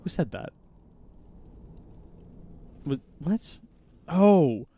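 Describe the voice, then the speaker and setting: A man hosting a live game stream, chatting, joking and reacting out loud as he plays. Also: fairly high pitch, very animated, drawn-out words, husky. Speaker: host.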